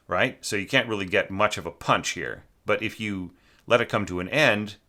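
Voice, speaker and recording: Male orchestration teacher, low voice with a sharp edge, informal spoken critique with sung examples. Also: fairly quick. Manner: chatty, full of fillers, sings phrases to illustrate. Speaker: orchestration teacher reviewing student scores.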